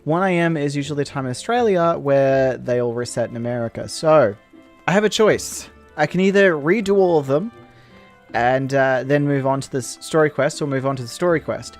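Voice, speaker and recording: A man casually commenting on his online game session, rambling and excited, with frequent restarts. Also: medium pitch, brisk, faint music behind. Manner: rambling, enthusiastic, many restarts. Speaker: gaming video host. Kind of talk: casual let's-play commentary.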